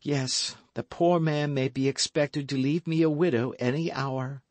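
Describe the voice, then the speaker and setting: A man's voice: mid-range voice, steady tone, a little slow, darkish tone, no room sound, voice pushed up, close to an everyday voice. A man putting on a proud, pleading lawyer's wife.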